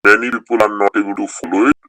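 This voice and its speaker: A man's voice: on the low side, steady tone, very fast, pushed and bright, no room sound, rough recording. A man teaching a language class online, reading out student questions and answering them methodically, step by step, with frequent restarts.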